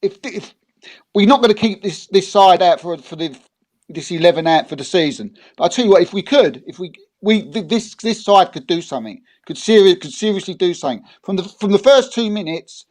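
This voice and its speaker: A man's voice: high voice, lively intonation, fairly quick, a little mellow. A man appearing as a guest on a fan show, gushing and rambling, often restarting his sentences. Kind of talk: casual live show chat.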